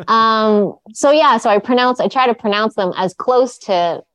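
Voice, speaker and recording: A woman's voice: on the high side, a little slow, a bit bright, no room sound. A woman, a yoga teacher guest, chatting casually in an interview and telling stories with lots of "like"s and restarts. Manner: chatty storyteller, many "like"s and restarts.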